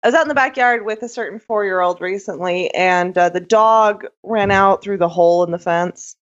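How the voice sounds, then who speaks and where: A woman's voice: mid-range voice, normal speed. A woman from Utah co-hosting a joking podcast chat, telling stories with frequent laughter. Her voice sits mid-range and comes through a slightly muffled, lo-fi mic. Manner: laughs while telling anecdotes. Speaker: podcast co-host. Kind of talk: casual comedic chat.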